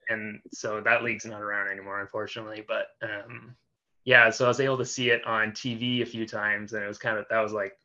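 A man's voice: fairly low pitch, little pitch movement, fast talker, sharp tone, dull audio. A young man in his twenties, a designer guest, talking casually and easily with plenty of fillers. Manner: easygoing, laughs often, uses fillers. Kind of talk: casual interview chat.

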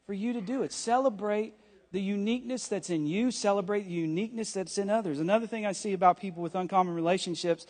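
A male pastor with a notably high voice preaches to his church in an animated, joking way. He breaks off into quick asides, teasing himself and the room as he makes his points. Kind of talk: sermon.

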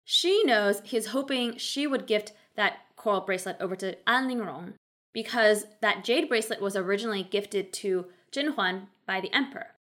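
A woman's voice: medium pitch, fairly bright tone. A woman recapping a historical drama episode in a casual narrated style, with wry, sarcastic asides.

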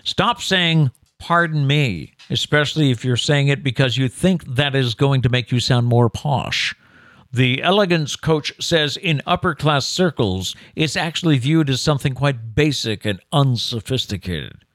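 Lively-voiced man reading an article aloud. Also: mid-range voice, a little slow, dry recording, clean studio sound. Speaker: co-host of a daily news show. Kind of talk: casual chat, reading out an article.

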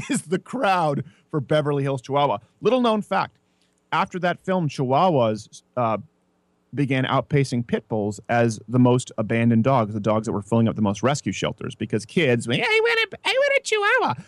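A man's voice: mid-range voice, moderate pace, dry recording. A man hosting a casual comedic talk show, telling stories and mimicking other voices as he goes. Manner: animated storyteller, mimics voices in anecdotes. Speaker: podcast host.

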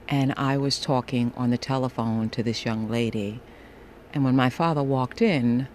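A woman in her fifties with a sultry voice, hosting a podcast and telling a personal story deliberately, with playful theatrical asides. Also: very deep voice, darkish tone, a little hiss or hum. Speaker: podcast host.

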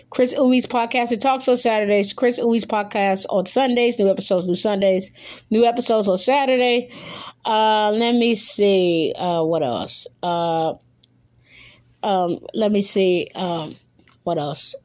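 In a medium-pitched, darkish voice, a woman runs her podcast alone in a casual ramble. A little nervous, she backtracks to fix her words and speeds through the plugs.

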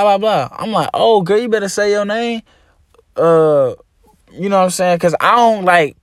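A man's voice: a little high, dry recording, clean studio sound. A young man hosting a podcast, telling a story in a casual, slangy monologue and acting out phone conversations. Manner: slangy, animated, acts out phone dialogue. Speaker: podcast host.

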